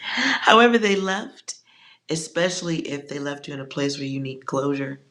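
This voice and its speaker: A tarot reader giving a casual collective reading, blunt and joking, with slangy asides and soft whispered side remarks. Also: medium pitch, animated, normal speed.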